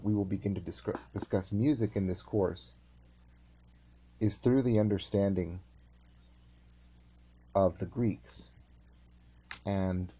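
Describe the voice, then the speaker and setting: Male teacher, slow and mellow, measured lecture with restarts. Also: fairly low pitch, breathy edge. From California. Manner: measured and unhurried, with halting restarts.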